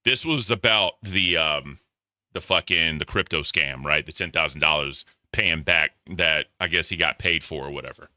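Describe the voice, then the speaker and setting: Low, bright-toned male commentator, dry sound. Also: moderate pace, no echo. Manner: offhand, opinionated, trails off into mutters. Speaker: commentary host. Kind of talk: casual commentary.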